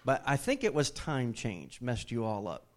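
A man's voice: medium pitch, huge pitch swings, normal speed. A middle-aged man preaching a sermon, telling a family story in a folksy way with many restarts. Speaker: pastor.

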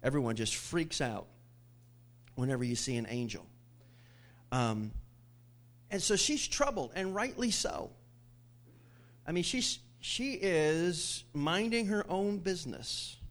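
Animated, high-voiced male pastor. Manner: animated storytelling with jokes and laughs. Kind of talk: sermon. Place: church.

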